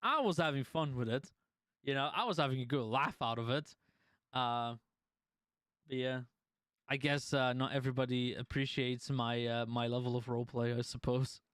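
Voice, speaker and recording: A man's voice: mid-range voice, normal speed, fairly bright tone, clear, resonant tone, no room sound, clean studio sound. A man streaming live, casually chatting to his viewers and telling a story, swearing freely and laughing often.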